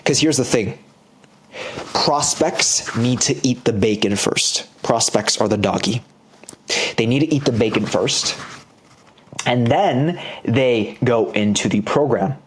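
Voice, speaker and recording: A man coaching viewers in an animated, playful motivational sales lesson, talking straight to the viewer. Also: medium pitch, slow. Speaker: business coach.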